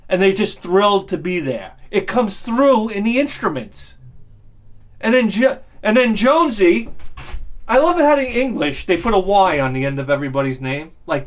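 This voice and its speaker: A man talking in a rambling, excitable monologue about music, swearing freely and swinging between loud bursts and low muttering. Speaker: music and audio vlogger.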